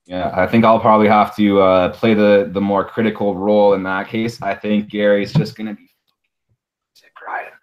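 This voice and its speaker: A man's voice: lowish voice, little pitch movement, moderate pace, highs cut off. A man hosting a casual movie podcast, talking in a laid-back way with plenty of swearing and fillers. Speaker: podcast host.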